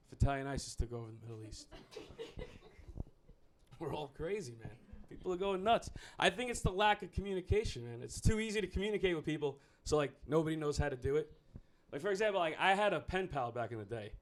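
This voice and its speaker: A man's voice: on the high side, lively intonation, brisk, a little hiss or hum. Profane, rambling stand-up comic man. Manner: profane, rambling and self-mocking. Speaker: stand-up comedian. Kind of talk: stand-up comedy set.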